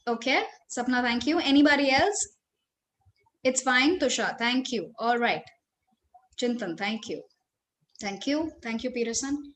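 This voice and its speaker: A woman with an Indian English accent leading a live online training webinar, speaking expressively and addressing her audience directly. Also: fairly high pitch. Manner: expressive, varies tone and stress, engages the audience directly. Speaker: corporate trainer.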